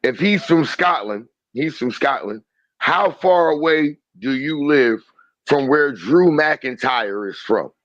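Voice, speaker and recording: A man's voice: fairly high pitch, slow pace, dry recording. Man chatting with a dull lo-fi sound. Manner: animated, repeats himself and stumbles over words. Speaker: podcast co-host. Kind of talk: casual livestream chat.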